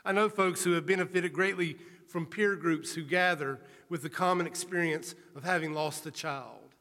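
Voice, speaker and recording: A male preacher giving an earnest sermon, telling a story in a measured, storytelling manner. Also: a little high, bright, forceful tone. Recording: reverberant hall.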